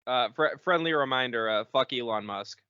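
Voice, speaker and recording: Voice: medium pitch, moderate pace, sharp tone. A podcast co-host in casual chat, ranting animatedly and swearing. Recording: dull lo-fi podcast audio.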